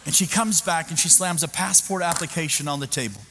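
A man's voice: a little high, brisk. Male pastor, raised voice, comic sermon storytelling, live hall with long echo and noise. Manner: animated, self-mocking, with frequent restarts. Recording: echoey hall with background noise.

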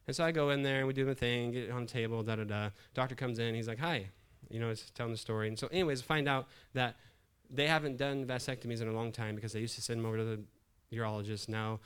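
A man's voice: medium pitch, fast, few pauses, clean tone. A middle-aged man, a pastor, telling a funny story from the pulpit with frequent laughs. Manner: laughing often, animated storyteller. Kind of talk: humorous sermon storytelling.

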